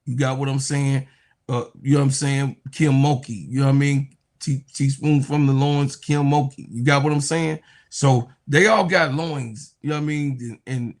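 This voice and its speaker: A man giving casual, slangy reaction commentary on sports, mocking and acting out quotes as he talks. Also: mid-range voice.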